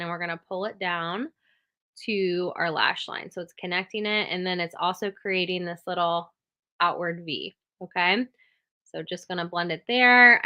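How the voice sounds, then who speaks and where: Bright-voiced woman teaching makeup. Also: on the low side. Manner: steady step-by-step instruction, frequent "okay?" check-ins. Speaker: makeup tutor. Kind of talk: makeup tutorial.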